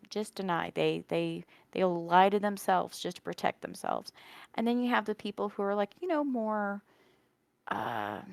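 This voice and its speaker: Animated, swearing female podcast co-host. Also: fairly low pitch, vocal fry, no room sound. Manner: animated, swears freely, laughs. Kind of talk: casual chat reviewing a horror comic.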